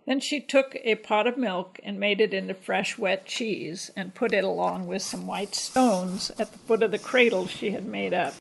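A woman narrating a folktale in a measured, expressive storybook reading. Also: medium pitch, creaky, slightly rough, poor audio.

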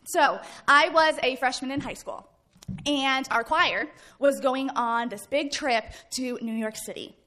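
A woman in her thirties from the American Midwest, a guest speaker telling a personal story to a live audience, acting out shouts and laughing along. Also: high voice, measured pace. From Midwest United States. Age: 30s.

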